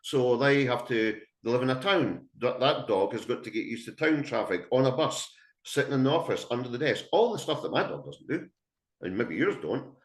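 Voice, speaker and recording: A man's voice: medium pitch, expressive, normal speed. A middle-aged man, a dog trainer giving a blunt, emphatic webinar talk full of anecdotes to dog owners. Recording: echoey room.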